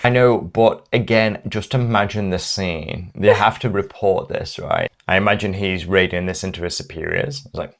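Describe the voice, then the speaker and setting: Gravelly joking man on a podcast. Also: low voice, unhurried, a bit bright, faint music behind. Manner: jokey, riffs with mock radio dialogue. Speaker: podcast co-host. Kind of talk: casual chat.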